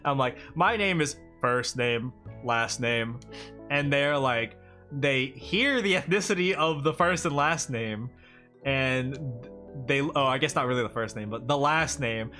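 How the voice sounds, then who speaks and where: A chatty male streamer rambles through casual livestream talk and laughs often. His voice is bright and forward. Soft guitar music plays faintly behind him. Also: mid-range voice, unhurried.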